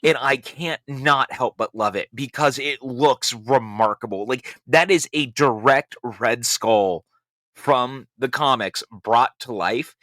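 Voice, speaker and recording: A man's voice: mid-range voice, slow, pushed and bright, no echo, clean studio sound. A middle-aged man co-hosting a casual film review podcast, enthusiastic and laughing often. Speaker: podcast co-host.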